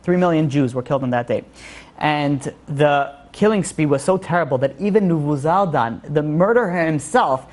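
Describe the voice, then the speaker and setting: A man's voice: a little high, normal speed. A male rabbi giving an informal class, earnest and repeating his phrases for emphasis.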